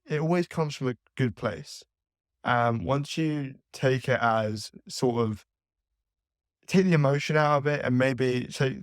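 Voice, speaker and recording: A man giving thoughtful, conversational answers as a podcast guest, pausing to find his words. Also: mid-range voice, dry recording, studio quality. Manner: thoughtful, with frequent fillers and restarts.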